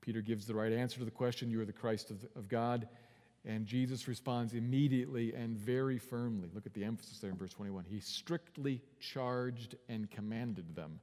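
A male pastor preaching with earnest force, dropping to near hush on key phrases and then rising loud and quick. His mid-pitched voice rings out with a long hall reverb around it. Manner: earnest preaching with big swings in volume and pace. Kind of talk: sermon.

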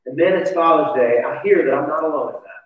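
A male pastor with a higher voice preaches quickly in a conversational, confessional style, posing questions to the audience. The church recording is distant, echoey, and dull, so he sounds far off and muffled.

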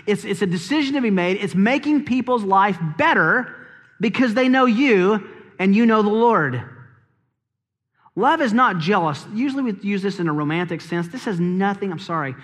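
Male pastor, high and bright, conversational sermon with humor, recorded with long church-hall reverb. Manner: lively, conversational preaching with humor and rhetorical questions. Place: church sanctuary.

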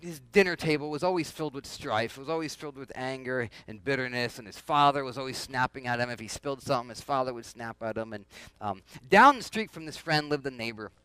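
A man's voice: medium pitch, expressive, fast, a bit bright, clear, resonant tone, no room sound. A man preaching a conversational sermon, often asking the congregation questions and repeating himself. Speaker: pastor.

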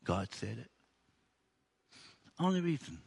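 A man's voice: mid-range voice, very animated, slow, gravelly, darkish tone, breathy edge. Chatty, joking male preacher. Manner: conversational, humorous, acts out dialogue. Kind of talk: sermon.

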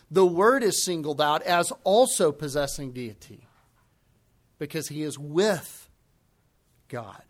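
A man delivers a sermon in a fairly high voice. He talks emphatically and stretches out the phrases he wants to drive home. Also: a bit bright. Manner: emphatic, slows down to stress key phrases. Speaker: preacher.

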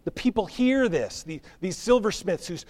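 Guy preaching in a lively chatty way, fairly high voice, sounding. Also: moderate pace. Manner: animated, conversational preaching with acted-out crowd voices. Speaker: pastor. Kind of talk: sermon.

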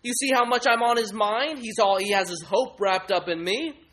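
A man's voice: high voice, moderate pace, bright, forceful tone, pitched above the performer's own voice. A man preaching voices a boastful talking house that gloats over its owner. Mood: gloating. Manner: gloating, taunting.

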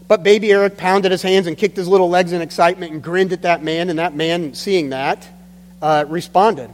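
A man's voice: high-pitched, fairly even intonation, moderate pace. A man preaching a sermon as pastor, telling stories in an earnest, emphatic way. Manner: earnest storytelling with emphatic drops. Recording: long hall reverb with faint hum.

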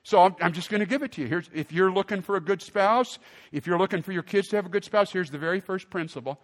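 A male pastor preaching a sermon, telling a story with lively acted-out quotes and big swings in loudness. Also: high voice, quick pace.

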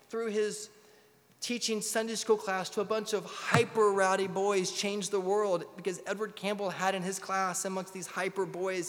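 A man preaching a sermon as pastor, firing rhetorical questions and swinging from loud urgency to hushed tones. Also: sits high. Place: church sanctuary. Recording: long reverb in a large hall.

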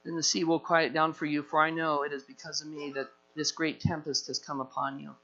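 A man preaching a sermon as pastor, animated and acting out the voices he quotes. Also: fairly high pitch, brisk, lo-fi sound.

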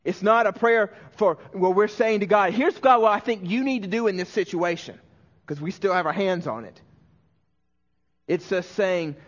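A man preaching a sermon as a pastor, telling a personal story earnestly and emotionally, often dropping to a hushed voice, with frequent restarts. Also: sits high, normal speed, dull audio.

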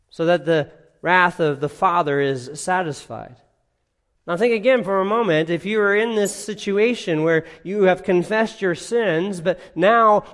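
A male preacher delivering an expository sermon, earnest and emphatic, dropping to a hush on key points. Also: fairly high pitch. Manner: earnest, swings from emphatic to hushed.

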